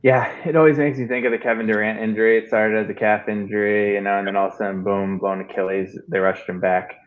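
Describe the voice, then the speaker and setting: A man's voice: on the low side, little pitch movement, fast talker. A man hosting a casual sports chat, easygoing and hesitant, often trailing off. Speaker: show host. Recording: dull lo-fi audio.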